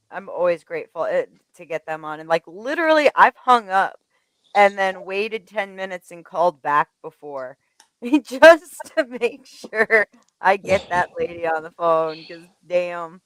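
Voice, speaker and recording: A woman's voice: fairly low pitch, expressive, unhurried, fairly bright tone, no echo. A woman hosting a casual panel chat, talking in a chatty, emphatic way. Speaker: show host.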